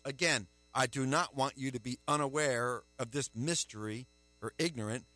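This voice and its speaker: A man preaching a sermon, emphatic, with rhetorical questions and a forceful delivery. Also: mid-range voice, normal speed.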